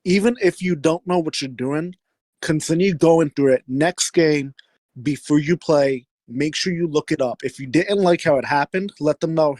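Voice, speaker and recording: Practical male player, slightly high voice, dry recording. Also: moderate pace, darkish tone, no room sound, low-quality recording. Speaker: player giving advice. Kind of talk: casual chat.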